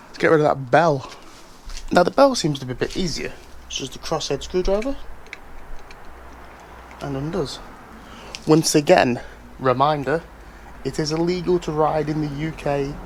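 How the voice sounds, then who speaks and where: A British man talks through a casual how-to vlog, chatty and wry, tossing in jokey asides. His voice sits a little on the high side. A faint hum of ambient noise runs underneath. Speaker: bike reviewer.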